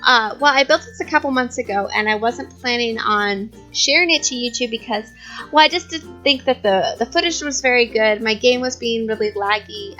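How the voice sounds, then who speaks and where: A woman's voice: fairly high pitch, bright, forceful tone. A young woman in her twenties chatting casually over gameplay, rambling and giggling, a bit out of breath. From California. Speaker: YouTube host.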